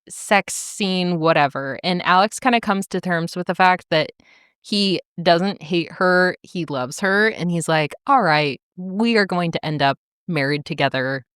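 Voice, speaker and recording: Young woman podcast co-host, very animated pitch, dry close sound, acts out characters' lines with laughs. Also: clean tone, dry recording. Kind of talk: casual chat recapping a novel.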